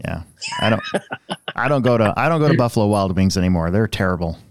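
A man's voice: lowish voice, expressive, quick pace, no echo, studio quality. A man co-hosting a hobby podcast, telling a rambling story in casual chat and restarting his sentences often. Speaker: podcast co-host.

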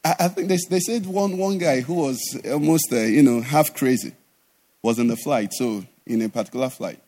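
A middle-aged pastor preaches a sermon at normal speed, animated, then suddenly drops into a low conversational voice.

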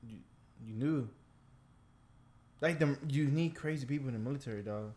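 A man's voice: medium pitch, moderate pace, darkish tone. A man co-hosting a podcast, speaking bluntly in casual chat with plenty of slang. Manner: blunt, slangy, matter-of-fact.

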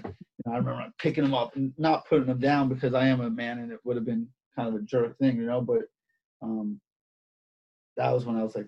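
Male wrestling coach, mid pitch, slightly husky, chatty and animated. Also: a little fast. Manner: animated, repeats phrases, many fillers. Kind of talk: casual interview storytelling. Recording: dull lo-fi sound.

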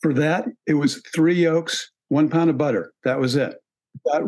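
A man's voice: a little high, steady tone, unhurried, a little mellow. Thoughtful man musing with ums. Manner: thoughtful, with frequent ums and restarts. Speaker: author and podcast guest. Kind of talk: relaxed conversational interview talk.

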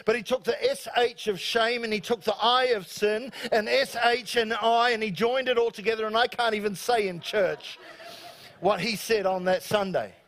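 High-voiced New Zealand pastor preaching. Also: male voice, moderate pace. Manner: animated, joking, acts out quoted voices. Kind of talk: live sermon. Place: church service before a congregation.

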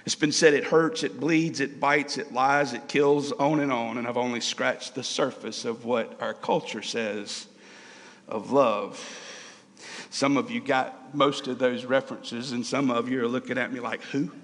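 A man's voice: mid-range voice, fairly even intonation, a little slow, a bit bright, in a large hall. A man preaching a sermon, earnest and emotional, his voice rising and falling as he repeats key phrases.

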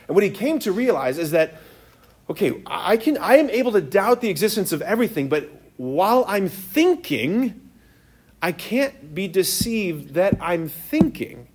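A priest giving a lively, joking talk to teenagers in a room, often stopping to ask the audience questions. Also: male voice, high voice. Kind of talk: interactive talk to teens. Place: room with a live youth audience.

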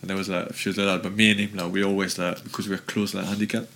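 Man, lower voice, podcast guest, rambling animated anecdotes, filler-heavy. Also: fast talker. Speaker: interview guest, former footballer. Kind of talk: casual anecdote telling.

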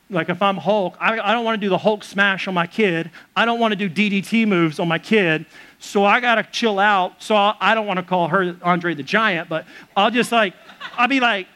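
A man's voice: high voice, sharp tone. A man preaching a sermon as pastor of a church, conversational and joking with the congregation.

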